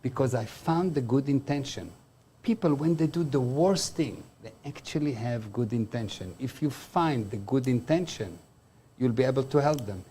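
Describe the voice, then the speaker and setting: A man's voice: medium pitch, moderate pace, warm tone, a little hiss or hum. A man giving a motivational talk. He explains words by defining them and backs each point with everyday examples. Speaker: motivational speaker.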